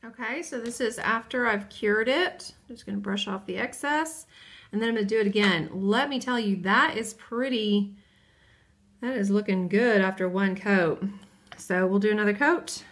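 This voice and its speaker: A woman chatting casually and excitedly while unboxing and swatching nail powders. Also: medium pitch, normal speed. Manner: bubbly, chatty, exclaims over colors. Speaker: nail hobbyist vlogger.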